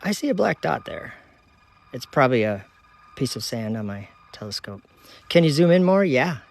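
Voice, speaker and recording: A man from Minnesota hosts a casual live stream from outdoors at night, talking into his phone. He reads viewer comments aloud in a relaxed, friendly way and laughs easily as he goes. His voice sits at an ordinary middle pitch for a man. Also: normal speed, vocal fry. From United States (Minnesota). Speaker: livestream host.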